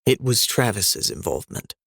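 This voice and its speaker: A man's voice: lowish voice, sing-song, moderate pace, gravelly, fairly bright tone, breathy edge, dry recording, clean studio sound, full character voice. A man reading the lines of an earnest male spiritual guide under strain in an audiobook, trying to sound reasonable.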